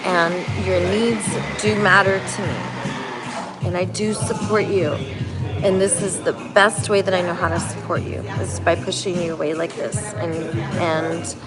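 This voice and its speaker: Woman doing her own mom, slow earnest pleading therapy talk, plain normal voice, music behind. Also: lowish voice, natural voice. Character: earnest mother pleading with her grown daughter.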